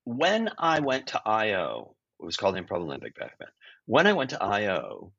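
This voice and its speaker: A man's voice: on the low side, wildly swooping pitch, moderate pace, creaky, fairly bright tone. A man in his sixties, a guest improviser and teacher, telling stories in an interview with frequent restarts, self-corrections and blunt asides. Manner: blunt, occasional swearing. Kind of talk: storytelling interview talk. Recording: dull lo-fi audio.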